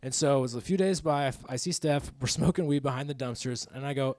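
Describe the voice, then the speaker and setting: A man in his thirties does a stand-up set on a comedy club stage before a live audience, rambling, mocking himself, and laughing at his own jokes. His medium-pitched, darkish voice moves fast with few pauses. The recording is dry and studio-clean.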